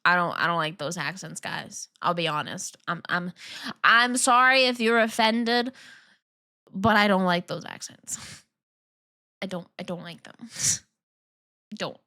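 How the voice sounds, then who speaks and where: A woman's voice: lowish voice, lively intonation, a little slow, long pauses, bright, forceful tone. A woman streaming and chatting casually with her viewers, giggling often and teasing as she reads and answers the chat. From Long Island, New York.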